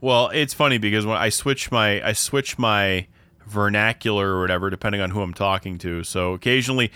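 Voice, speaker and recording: A man's voice: lowish voice, fast talker, sharp tone, clear, resonant tone, no echo. A man co-hosting a podcast in casual chat, telling long rambling stories that keep circling back on themselves. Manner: rambling, self-interrupting storyteller. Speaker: podcast co-host.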